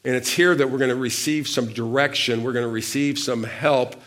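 A male pastor delivering a lively sermon, asking questions of the congregation and prompting them to answer. He grows louder for key points and drops quieter for asides. His voice sits at an ordinary middle pitch for a man. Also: fairly quick. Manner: lively preaching with call-and-response questions; animated, shifts loudness for emphasis.

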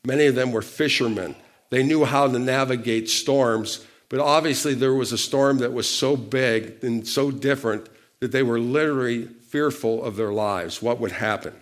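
Lively preacher man with call-and-response. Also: medium pitch, normal speed. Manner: animated, shifts loudness for emphasis. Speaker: pastor. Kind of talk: sermon.

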